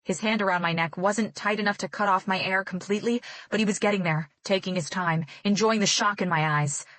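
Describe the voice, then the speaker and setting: A woman narrating a first-person novel with tense, dramatic delivery. Her voice sits at a medium pitch, recorded dry and close. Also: fairly quick, fairly bright tone, no echo. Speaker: audiobook narrator.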